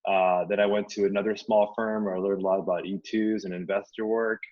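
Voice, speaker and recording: Low-voiced man on dull lo-fi audio. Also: fairly quick. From United States. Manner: friendly, relaxed, um-filled storytelling. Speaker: guest, immigration attorney. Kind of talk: casual interview chat.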